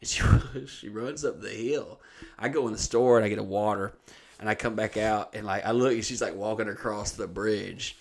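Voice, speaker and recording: A man's voice: fairly low pitch, moderate pace, creaky. Profane man rambling a story. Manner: profane, rambling anecdote-telling. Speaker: podcast host. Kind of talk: casual storytelling chat.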